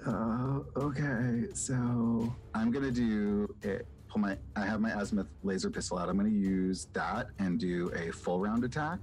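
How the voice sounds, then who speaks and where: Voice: mid-range voice, darkish tone, soft background music. A player in a tabletop game, talking in an easygoing way and saying "like" often. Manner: slow, easygoing, says "like" a lot. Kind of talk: casual tabletop play.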